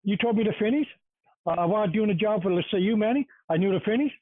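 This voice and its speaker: Rambling older man, high and tinny. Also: quick pace, no echo. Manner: rambling storyteller. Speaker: co-host. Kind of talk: casual chat. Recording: tinny phone line.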